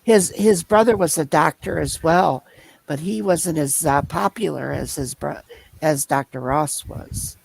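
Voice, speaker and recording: A man telling a long personal story in casual chat, rambling and halting as he loops back over his points. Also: on the high side, vocal fry, slightly rough, no echo, low-quality recording. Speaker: storyteller in a conversation.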